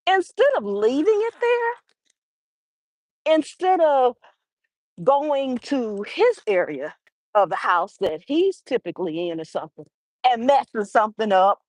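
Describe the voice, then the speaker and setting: Out on a walk, a woman hosts a live motivational talk, animatedly acting out small everyday dialogues as she goes. Her voice is fairly high and unhurried, with no echo but poor audio quality.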